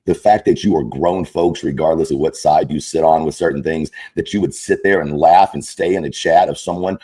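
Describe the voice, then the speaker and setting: A man's voice: very deep voice, fairly quick, warm tone, husky. A man delivering an angry, profane, mocking rant as a content creator. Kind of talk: angry ranting monologue.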